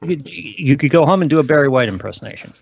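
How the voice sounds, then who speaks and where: A male host running a live stream, brisk and joking in casual chat. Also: a little high, lively intonation, creaky, husky, dull audio.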